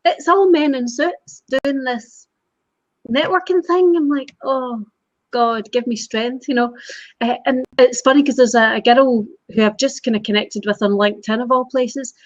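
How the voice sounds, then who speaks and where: Scottish woman, casual co-host, higher pitch, giggly and animated, dry muffled video-call sound. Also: moderate pace, no echo. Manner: laughs often, animated and chatty. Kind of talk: casual live-stream chat.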